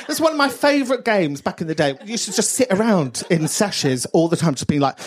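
A man's voice: sits high, sing-song, moderate pace. A man hosting a live podcast show in front of an audience, bantering, swearing and laughing often. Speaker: podcast host.

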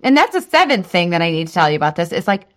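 A woman's voice: lowish voice, sing-song, racing. A woman in her thirties hosting a casual solo podcast, chatty and full of "like", laughing at herself. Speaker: podcast host.

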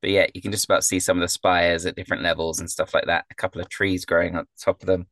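Brief: low-pitched man, game master narrating, halting with fillers, dry close mic. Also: little pitch movement, fairly bright tone, no room sound. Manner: descriptive with frequent fillers.

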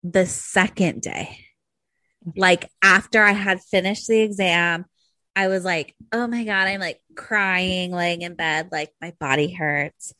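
Casting: young woman podcast co-host, animated and profane, dry close mic. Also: lowish voice, takes it slowly, dry recording. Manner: animated, profane, squeals for quoted voices. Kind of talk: casual chat.

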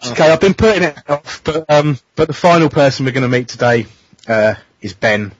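A man's voice: medium pitch, fairly even intonation, a little fast, dry recording. A man hosting a casual radio show, teasing his co-hosts. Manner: teasing, jokey. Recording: dull dry lo-fi radio studio sound.

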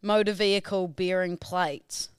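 A woman's voice: on the low side, fairly even intonation, unhurried, clear, resonant tone, no room sound, clean studio sound. A young woman co-hosting a podcast in bubbly, teasing casual chat. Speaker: podcast co-host.

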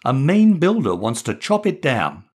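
A man voicing a young, excitable boy who cries and shouts in a storybook reading. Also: a little slow, breathy edge, heavily acted. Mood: eager. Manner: high crying squeals.

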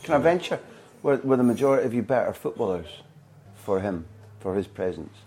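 A man's voice: fairly low pitch, expressive, a little fast, darkish tone, slight background noise. A man from Scotland hosting an interview, asking long, probing questions in a conversational way. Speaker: podcast interviewer.

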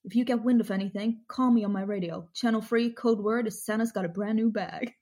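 A woman's voice: mid-range voice, steady tone, fairly quick, warm tone, close to an everyday voice. A woman doing a scheming store manager man. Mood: conspiratorial. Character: scheming male department store manager, wary of rivals.

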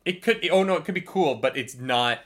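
A woman's voice: low voice, animated, brisk. A woman co-hosting a casual book club podcast, chatty and swearing freely, with lots of fillers. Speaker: podcast co-host.

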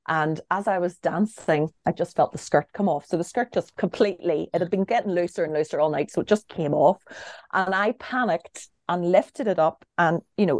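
A woman's voice: lowish voice, no echo, clean studio sound. A young woman co-hosting a casual chat, telling a funny story and laughing through it. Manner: lively storyteller, laughing through her own tale. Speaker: podcast co-host.

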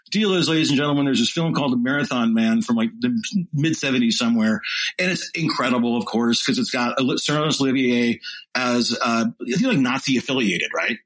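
A man's voice: mid-range voice, brisk, low-quality recording. A man hosting a podcast interview, chatting casually and addressing listeners like a showman over a remote call. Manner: showman-like, repeatedly says "ladies and gentlemen". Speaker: podcast host.

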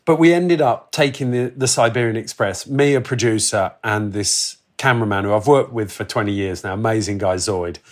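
A man in his forties, telling a wild travel story in casual chat, animated and swearing, acting out the voices of the people in it. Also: fairly low pitch, normal speed, hardly any pauses. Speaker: podcast guest telling travel stories.

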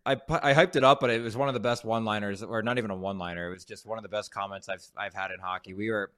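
Low-voiced man telling animated stories. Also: rapid-fire, smooth. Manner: animated, laughing and swearing as he tells stories. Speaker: former pro hockey player, podcast co-host. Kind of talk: casual storytelling chat.

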